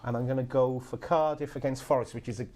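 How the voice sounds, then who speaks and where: A man hosting a casual football debate, excitable and teasing, with frequent stumbling restarts. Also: mid-range voice, fast, a little hiss or hum.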